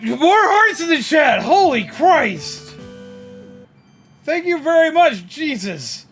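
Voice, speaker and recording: An excitable, frazzled man streaming a game live, his voice very high and lively as he exclaims and thanks his viewers. The tone is bright, with faint game music behind. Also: slow. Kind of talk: live gaming stream chat.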